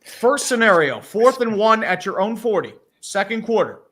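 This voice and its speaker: A high-pitched man riffing on a video call with friends, building his points into emphatic, animated bursts. He sounds like a casual panelist who gets fired up mid-argument. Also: normal speed. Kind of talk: casual sports chat.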